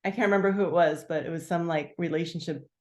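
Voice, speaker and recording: A woman leading a group, sharing her story candidly and haltingly, full of "like" fillers, on a video call. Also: fairly low pitch, fairly even intonation, darkish tone, roomy sound. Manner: candid, halting, many "like" fillers, bursts of acted-out quotes. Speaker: team leader sharing gratitude.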